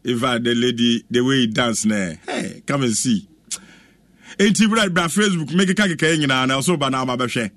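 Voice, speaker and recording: A man with a Ghanaian accent presenting a lively radio chat, exclaiming and chanting as he reacts. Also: medium pitch, moderate pace, no echo. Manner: animated, exclaims and chants, mixes English with Twi.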